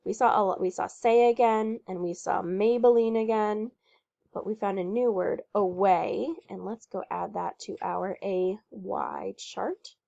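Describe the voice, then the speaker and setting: A woman teacher reading a chapter book aloud and pausing to explain word sounds in a chatty, encouraging way. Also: medium pitch, fairly even intonation, creaky, warm tone. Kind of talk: reading aloud with phonics pointers. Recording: muffled lo-fi recording.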